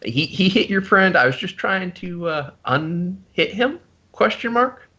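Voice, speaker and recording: A man playing a tabletop game, talking in an animated, stammering way as he pleads his character's case. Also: sits high, measured pace. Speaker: player. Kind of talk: casual game talk. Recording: muffled lo-fi recording.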